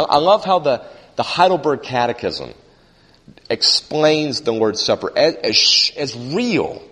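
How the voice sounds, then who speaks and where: A man's voice: mid-range voice, fairly bright tone. A male pastor preaching a sermon, earnest and emphatic, repeating phrases for stress. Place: church sanctuary. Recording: church sanctuary with long reverb.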